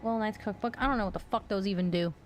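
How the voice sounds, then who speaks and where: A woman's voice: mid-range voice, fast talker, slight background noise. A young woman streaming a game live, chatting playfully and swearing often. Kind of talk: live gameplay commentary.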